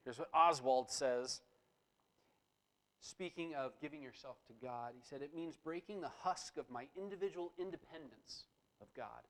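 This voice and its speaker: A man's voice: a little high, moderate pace, rough recording. Man preaching a conversational sermon. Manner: conversational preaching, rising to emphatic bursts. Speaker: pastor.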